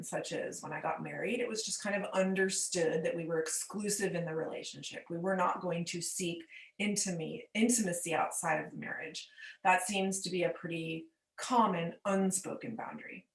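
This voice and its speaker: A woman coach teaching patiently with everyday examples, checking in with the listener as she explains. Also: on the low side. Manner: checks in with "okay?". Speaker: forgiveness coach. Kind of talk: teaching monologue. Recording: roomy echo.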